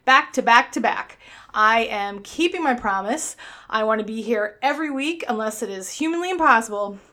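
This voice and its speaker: A woman's voice: fairly high pitch, lively intonation, moderate pace, bright, forceful tone. A woman with a New York accent hosting her own weight-loss podcast in a chatty, upbeat, blunt and self-mocking way. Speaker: podcast host.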